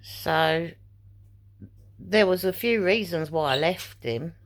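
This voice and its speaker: A woman's voice: on the low side, takes it slowly. A middle-aged woman telling a personal story in a casual vlog, indignant and rambling as she re-enacts conversations. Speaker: vlogger.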